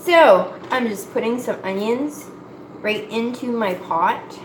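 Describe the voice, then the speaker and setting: A woman's voice: fairly high pitch, animated, slow pace. A woman from Scotia, chatting in a rambling, folksy, self-mocking way while she cooks in her home kitchen. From Nova Scotia, Canada. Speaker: cooking vlogger. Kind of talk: casual chat while cooking. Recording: echoey kitchen with cooking noise. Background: pots, dishes and kitchen clatter.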